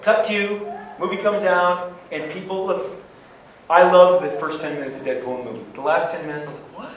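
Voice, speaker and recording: A man on a convention panel, telling animated stories and acting out quotes in bursts of high pitch. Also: fairly quick, slight background noise. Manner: energetic, acts out quotes with sudden high-pitched outbursts. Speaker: comics creator on a convention panel. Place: large convention hall. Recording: echoey hall from far off with crowd.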